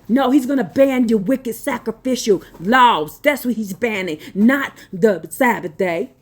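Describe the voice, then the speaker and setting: A woman reading religious notes slowly, then breaking into blunt, profane, scolding asides. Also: mid-range voice, animated, slightly rough. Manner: slow deliberate reading broken by scolding rants. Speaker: religious teacher.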